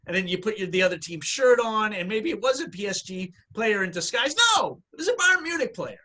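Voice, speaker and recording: A man's voice: high voice, animated, fairly quick, sharp tone. A man co-hosting a casual sports podcast, talking in an emphatic, opinionated rant. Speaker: podcast co-host.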